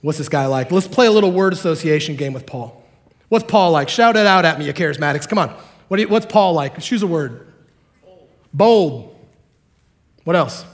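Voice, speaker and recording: A man preaching a sermon to a congregation, animated and joking, acting out the characters in the story. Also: on the high side, fairly quick. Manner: animated, acts out quotes, jokes with the congregation. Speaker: pastor.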